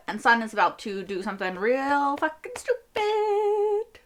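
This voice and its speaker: A young woman hosting a casual reaction video, excitable and swearing as she talks back at the screen. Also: high-pitched, measured pace.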